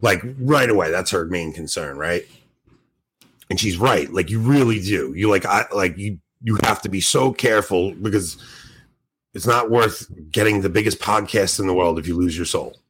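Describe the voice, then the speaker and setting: A man with a husky, breathy voice chats on a podcast. He tells stories with excitement, acts out what people said, and laughs often as he goes. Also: low voice, normal speed. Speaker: podcast co-host. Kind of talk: casual podcast chat.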